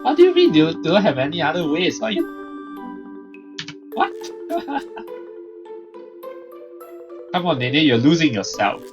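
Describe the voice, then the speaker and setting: A woman's voice: deep voice, huge pitch swings, normal speed, over music. A woman hosting a let's play, reacting in disbelief to a visual novel with laughter and repeated questions. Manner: incredulous, laughing, repeating "what?". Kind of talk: game commentary.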